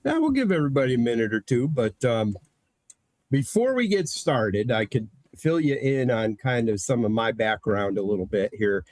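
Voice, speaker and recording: A man's voice: mid-range voice, very animated, normal speed, a little mellow, no echo. Rambling storytelling man, dry sound. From Connecticut, USA. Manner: rambling, storytelling with many fillers. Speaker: guest presenter. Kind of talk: casual podcast chat.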